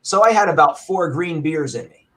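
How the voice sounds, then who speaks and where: A man telling a story with animation and a loud, bellowing voice at times, as a guest on a talk show. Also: on the high side, lively intonation, moderate pace. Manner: loud, bellowing when acting out his anger. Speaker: arcade owner and guest.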